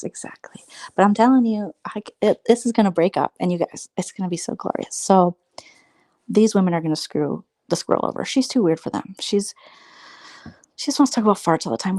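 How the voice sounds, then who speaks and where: A woman's voice: warm tone, no room sound. Gossipy woman livestreamer, dry and close. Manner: gossipy, mocking, mimics others in high squeaky voices; rambling, sarcastic. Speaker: livestream host. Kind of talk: casual late-night livestream chat.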